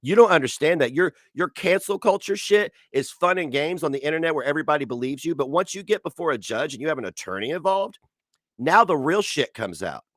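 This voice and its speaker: A man's voice: a little high, expressive, brisk, fairly bright tone, no room sound, studio quality. A man streaming from home, ranting angrily and sarcastically with heavy profanity while reacting to posts on screen. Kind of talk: angry commentary rant.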